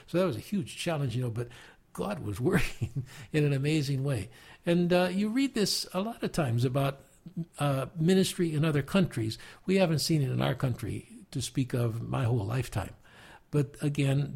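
An older American man, a preacher, telling stories earnestly and reflectively in conversation, with halting restarts and soft chuckles. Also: mid-range voice, expressive, gravelly, slightly rough. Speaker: guest preacher.

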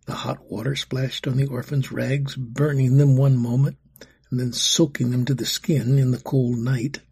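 A man narrates a storybook with a gravelly, very husky voice of middling pitch. He reads dramatically and often drops to a breathy whisper. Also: flat delivery, moderate pace, a little mellow. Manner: dramatic reading, dropping to a whisper.

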